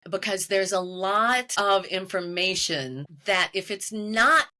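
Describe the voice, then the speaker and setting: Bright-voiced woman telling a story. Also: medium pitch, takes it slowly. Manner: animated storytelling, quoting voices. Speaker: medium and author, guest. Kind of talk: conversational interview.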